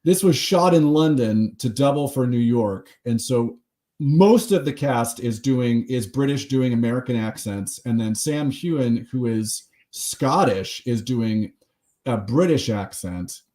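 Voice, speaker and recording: A man with a mid-pitched voice talks through the news on a casual podcast. He rambles in a loose, chatty way and tosses in quick asides and laughs. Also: warm tone. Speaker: podcast host. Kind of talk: casual chat.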